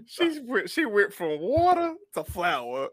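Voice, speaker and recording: A man's voice: sits high, wildly swooping pitch, slow, a little hiss or hum. A man co-hosting a casual podcast chat, blunt and profane, often laughing. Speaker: podcast co-host.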